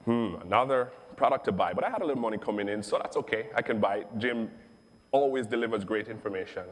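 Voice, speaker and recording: A middle-aged man from Jamaica, telling his own business story in an emphatic, animated way and repeating phrases for stress. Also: fairly low pitch, fast. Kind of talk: testimonial storytelling. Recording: long echoing reverb.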